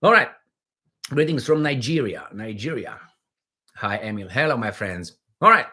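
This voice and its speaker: A man's voice: mid-range voice, animated, normal speed, sharp tone, slightly rough. A middle-aged man hosting a casual livestream, rambling and joking as he reads viewer comments aloud, with many fillers and restarts. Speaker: livestream host.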